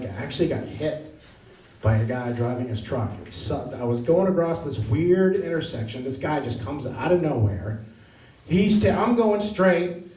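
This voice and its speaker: A male stand-up comedian with a high voice tells his stories with lively energy and often laughs partway through a line. He sounds as if he was recorded from a distance in an echoey club, with a faint hiss underneath. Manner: animated storytelling, often laughing mid-line. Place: comedy club stage before a live audience. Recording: roomy club sound caught from afar.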